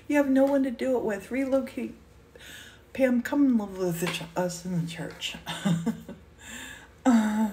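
Tearfully gushing over a gift, the host of a painting livestream exclaims often in emotional casual chat. Recorded in an indoor studio with a little hiss or hum, her voice is fairly high and a little mellow.

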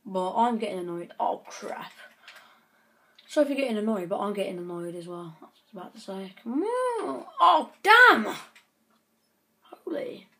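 A woman's voice: medium pitch, fast, dark tone. A woman giving chatty gameplay commentary, breaking into frequent frustrated outbursts. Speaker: gaming channel host.

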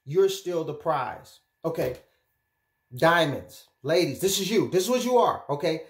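A man speaking as a relationship and life coach, giving direct-to-camera advice in an animated, emphatic way, often checking in with his listeners. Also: a little high, slow. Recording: echoey room.

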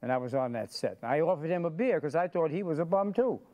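A man's voice: fairly high pitch, lively intonation, fast, mellow, low-quality recording. A man telling his own story in an interview, blunt and profane, often tagging "you know". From New York. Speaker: documentary subject. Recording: music under interview. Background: background music.

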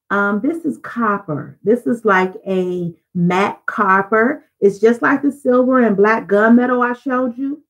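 A woman's voice: mid-range voice, low-quality recording. A woman selling jewelry on a live stream, chatty and upbeat, talking straight to her viewers. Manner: chatty, upbeat, addresses viewers directly as "y'all". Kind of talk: live-stream sales pitch.

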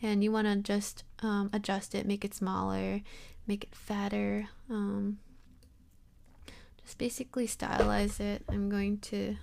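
A young woman walks through a software tutorial in a loose, rambling way, full of fillers and self-deprecating asides. Her voice sits at a middle pitch with a gravelly, fry-tinged edge. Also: level tone, measured pace. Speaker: tutorial host. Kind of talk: casual screen-recorded software tutorial.

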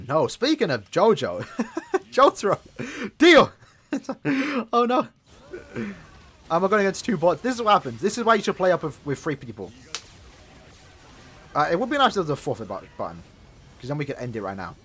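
A man's voice: mid-range voice, a bit bright. A young sounding man with a sore throat, rambling casually with lots of fillers while he plays a mobile game. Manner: rambling, chatty, many fillers. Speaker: gaming channel host.

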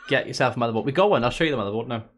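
A man's voice: medium pitch, expressive, rapid-fire. A man chatting casually on a gaming live stream. He jokes, swears freely and talks to his viewers as he goes.

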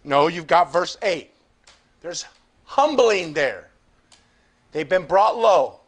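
A man preaching a Bible study sermon, reading scripture aloud and swinging from quiet confiding asides to fervent, pleading outbursts. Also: expressive, slow. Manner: rises into fervent shouted pleading, then drops low. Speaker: pastor.

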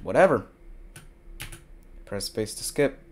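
A man's voice: on the low side, lively intonation, slow. A young man giving jokey, casual commentary while playing a game, talking to his viewers and turning frantic when he panics. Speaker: gaming video creator. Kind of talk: casual let's-play commentary.

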